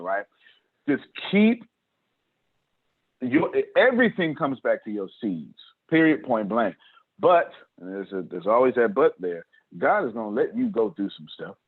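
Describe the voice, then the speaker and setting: Male motivational coach, emphatic and repetitive, animated pitch, thin phone-line sound. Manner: preachy and emphatic, repeats words, laughs between points. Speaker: success coach hosting a group call. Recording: tinny phone-like call audio.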